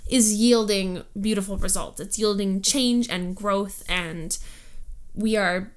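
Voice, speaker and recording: A young woman co-hosting a casual chat, earnest and quick to laugh. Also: medium pitch, fairly even intonation.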